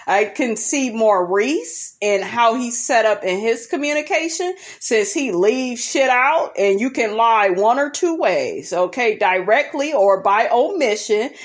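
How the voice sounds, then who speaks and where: A woman's voice: on the high side, expressive, measured pace, few pauses. Sassy woman gossiping through a recap. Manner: sassy, gossipy, peppers talk with "honey, okay?"; profane and blunt. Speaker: reality TV recap host. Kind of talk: casual commentary recap.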